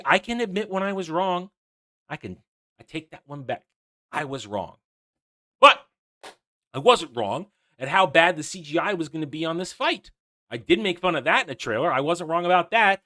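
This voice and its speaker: Sarcastic, bright-voiced male reviewer. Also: fairly high pitch. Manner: sarcastic, exasperated, lots of restarts. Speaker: YouTube reviewer. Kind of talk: opinionated episode review.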